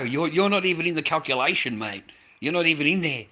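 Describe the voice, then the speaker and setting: A man's voice: a little high, lively intonation, fast, sharp tone. A middle-aged Australian man in a rambling live-stream monologue, bitter and profane, who keeps repeating himself. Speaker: livestreamer.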